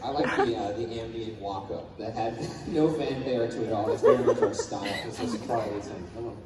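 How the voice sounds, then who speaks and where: A man on a panel bantering in a teasing, animated way, often laughing. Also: fairly low pitch, fairly quick, a loud crowd, heavy background noise. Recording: echoey hall from far off.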